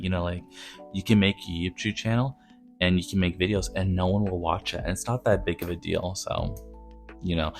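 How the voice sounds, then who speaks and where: Gravelly low-voiced man with a nasal voice. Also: fairly bright tone. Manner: rambling, with many fillers. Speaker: artist vlogger. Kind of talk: casual vlog monologue.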